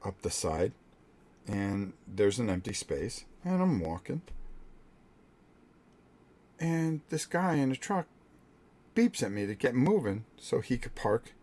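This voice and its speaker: An older man hosting a vlog, telling a blunt, profane story in a casual, animated way with many restarts. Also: medium pitch. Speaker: vlog host.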